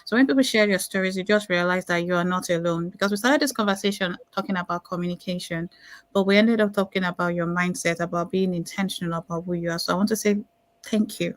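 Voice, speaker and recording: A woman's voice: fairly low pitch, steady tone, quick pace, no echo. A woman hosting a podcast, enthusiastically thanking her guest. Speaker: podcast host. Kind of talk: podcast interview wrap-up.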